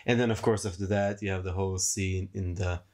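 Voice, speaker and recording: A man's voice: low voice, steady tone, brisk, darkish tone. A man chatting casually about a film with his sister, explaining in eager, rambling bursts. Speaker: co-host reacting to a film.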